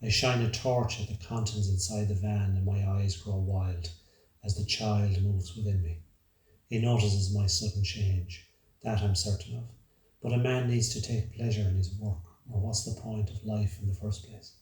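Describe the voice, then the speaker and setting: Brooding low-voiced storyteller. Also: male voice, steady tone, a little mellow. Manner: brooding, measured, dramatic. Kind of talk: scripted first-person story narration. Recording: roomy, distant from the mic.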